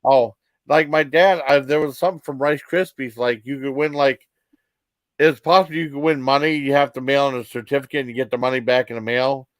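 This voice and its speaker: A man in his fifties telling rambling personal stories as a vlog host, halting with many fillers and restarts. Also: mid-range voice, fairly even intonation, dry recording.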